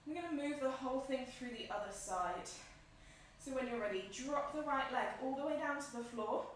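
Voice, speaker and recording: Breathy high-voiced yoga teacher, echoey room. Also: female voice, moderate pace, slight background noise. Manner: calm, encouraging cues paced with the breath. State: slightly out of breath. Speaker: yoga instructor. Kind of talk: guided yoga class instruction. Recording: echoey room, mic at a distance.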